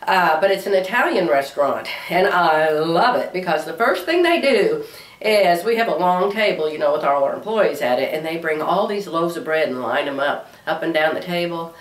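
A middle-aged woman vlogging in casual chat, chatty and giggly, her voice still slightly hoarse. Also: on the low side, lively intonation, moderate pace, distant mic. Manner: chatty, giggly, with playful squeals. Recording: echoey room, away from mic.

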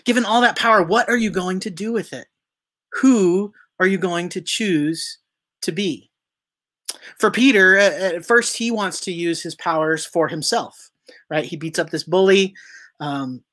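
A pastor preaches in a relaxed, conversational way. The sermon is full of questions put to the listeners, with the odd filler and self-correction along the way. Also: mid-range voice, measured pace.

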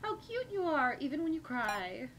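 A woman's voice: high voice, very animated, normal speed, voice pushed up. A woman voicing a gleeful, sadistic villain who taunts the hero in a sing-song, mocking way. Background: loud game music.

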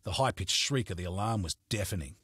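A man narrating a crime novel as an audiobook in a steady, measured storytelling manner, recorded on a close studio mic. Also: sits low, husky, dry recording.

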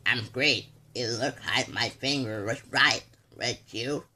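A man with a very bright, sharp tone who talks slowly and matter-of-factly while playing along in an improvised skit. His delivery stays casual. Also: mid-range voice.

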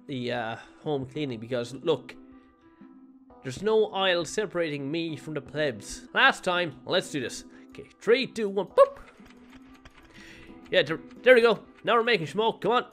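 Male gamer, let's play commentary, high voice, swings wildly in pitch, swears, mock outrage, faint game music. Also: animated, normal speed, a bit bright. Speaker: gaming video creator.

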